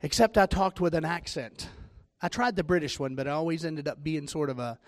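A man's voice: fairly high pitch, fairly quick. A man with a Southern US accent preaching a sermon, telling stories with self-deprecating humor. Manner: joking, self-deprecating storytelling.

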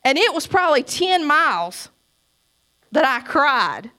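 Church lady giving her testimony, high voice, preachy, gets loud then quiet. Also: very animated, a little slow. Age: middle-aged. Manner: emphatic, preachy, swings between loud cries and soft asides.

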